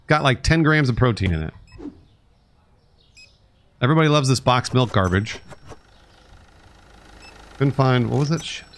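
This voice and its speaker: A man casually commenting on a live-stream of a store game, grumbling sarcastically, swearing often and talking to his chat and to the customers. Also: mid-range voice. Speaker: streamer playing a store sim.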